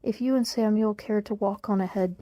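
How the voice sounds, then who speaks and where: A woman's voice: mid-range voice, steady tone, a little fast, no room sound, close to an everyday voice. A woman voicing a kind, courteous older male police inspector in a read-aloud book. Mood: polite. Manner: polite, gentle.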